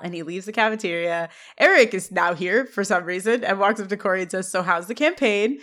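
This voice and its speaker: A woman's voice: medium pitch, a little fast, hardly any pauses, a bit bright. A young woman co-hosting a podcast, recapping scenes casually and animatedly reading out the dialogue. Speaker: podcast co-host.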